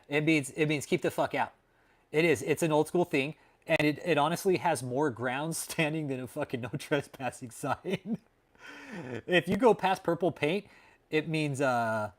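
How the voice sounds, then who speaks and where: Man, livestream host, casual and foul-mouthed, mid pitch, chuckles a lot. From Texas. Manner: profane and laid-back, calls people dude and man; laughs often at his own jokes. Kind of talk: casual livestream chat with viewers.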